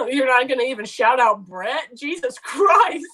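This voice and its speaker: A woman co-host of a sports betting show, pitched a touch high. She rambles and jokes at her own expense in loose, casual chat. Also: expressive, unhurried, a bit bright. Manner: joking, rambling, self-deprecating.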